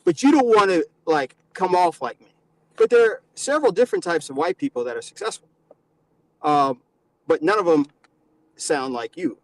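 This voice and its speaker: A man's voice: high voice, animated, normal speed, pauses often, no echo, low-quality recording. A man with a nasal voice, lecturing in a mock-condescending way during a casual comedic panel chat.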